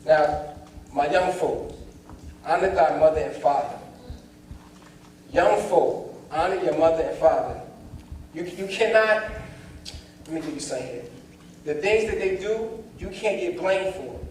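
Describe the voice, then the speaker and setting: A man's voice: a little high, a little slow, long pauses, a little hiss or hum. A young man telling his life story at a motivational seminar, acting out the dialogue and calling out to the crowd. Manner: animated, acts out dialogue, addresses the crowd directly. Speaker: motivational speaker. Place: large performing arts hall. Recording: echoey hall, distant mic, faint ambience.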